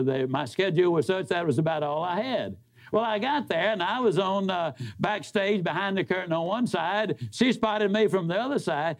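A man with a high speaking voice tells a story to an audience as a motivational speaker. He talks in a folksy, emphatic way, dropping low for punchlines and rising for emphasis. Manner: folksy, emphatic, big swings in pitch.

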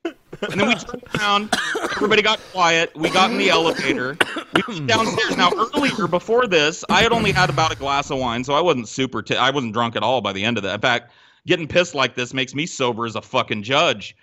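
A man telling a story on a podcast, animated and profane, acting out what people said. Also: a little high, fast. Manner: animated, profane, acts out quotes. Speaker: podcast guest. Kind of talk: casual storytelling.

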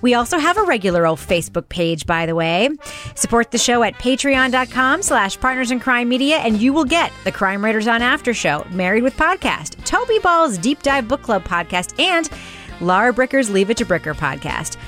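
A woman hosting a podcast panel in casual chat, brisk and jokey, laughing often. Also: fairly high pitch, sing-song, a bit bright, faint music behind. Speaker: podcast host.

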